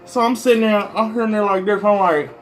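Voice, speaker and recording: This Midwestern American stand-up comedian rambles through a casual vlog monologue, packed with "like," "you know," and some swearing. His voice sits high and moves fairly quickly, with slight background noise.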